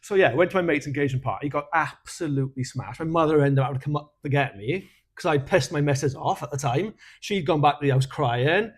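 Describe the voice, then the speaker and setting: A man's voice: a little high, fast, slightly rough. Sweary Welsh man telling stories. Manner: frank, sweary, laughs at his own dark humour. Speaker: podcast co-host. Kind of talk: casual storytelling chat.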